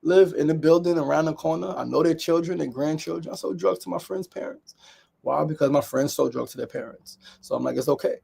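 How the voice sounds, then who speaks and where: New man, gravelly and slightly high, candid repetitive storyteller hosting a solo daily talk. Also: brisk, darkish tone. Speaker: daily show host. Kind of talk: reflective solo monologue.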